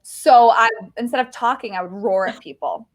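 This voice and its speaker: A woman's voice: a little high, normal speed, rough recording. A young woman hosting a social media segment on a sports talk show, chatting casually and laughing at herself. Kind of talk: casual chat.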